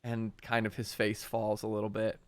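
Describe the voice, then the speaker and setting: Smooth-voiced man running a tabletop game. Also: on the low side, completely flat delivery, normal speed. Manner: casual, full of fillers like "kinda". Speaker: game master.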